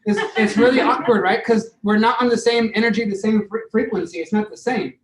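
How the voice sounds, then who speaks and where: An energetic man with a high voice runs a hands-on sales training, checking in with his listeners as he goes. He sits well back from the mic, so his voice rings around a roomy space. Faint background noise sits under the talk. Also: a little fast, some chatter behind. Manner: energetic, demonstrative, keeps checking in with "right?". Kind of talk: interactive training session. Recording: roomy, echoey sound from far off the mic.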